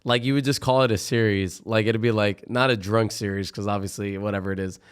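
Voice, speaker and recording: Young guy, low-ish voice, loose filler-heavy podcast guest. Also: brisk, smooth. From Florida. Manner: rambling, filler-heavy, animated retellings. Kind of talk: casual chat.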